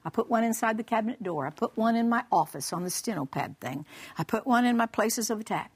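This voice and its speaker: A woman with a fairly high, slightly rough voice speaks fast while sharing a funny testimony as a guest speaker on Christian radio or TV. She acts out the conversations and laughs through the lively story.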